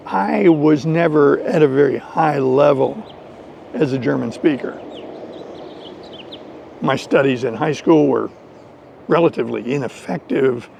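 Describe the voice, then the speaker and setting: An American man telling a story slowly and deliberately in an English lesson for learners. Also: on the high side, highs cut off, a little hiss or hum. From United States. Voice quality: gravelly. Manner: slow, deliberate, animated storytelling. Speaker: English teacher.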